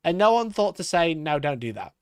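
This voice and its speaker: A man's voice: fairly high pitch, big pitch swings, brisk, smooth, no echo, clean studio sound. A young man chatting casually on a live stream, swearing freely, laughing often and talking to his cat between comments.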